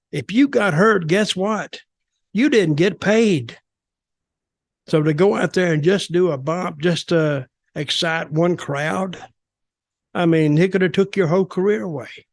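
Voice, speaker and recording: A man's voice: on the high side, gravelly, no room sound, clean studio sound. An older man hosting a podcast, telling stories in a rambling, folksy way with colloquial grammar. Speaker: podcast host. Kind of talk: storytelling interview.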